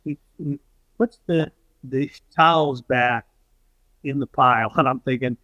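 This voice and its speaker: A man's voice: mid-range voice, unhurried, bright, forceful tone, no room sound, highs cut off. An older man telling a story as an interview guest, animatedly acting out the voices of the people he quotes.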